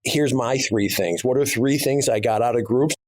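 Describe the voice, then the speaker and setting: A man's voice: medium pitch, moderate pace, darkish tone, no echo, clean studio sound. A middle-aged man co-hosting a podcast, speaking bluntly and emphatically in a casual conversation. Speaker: podcast co-host, business owner.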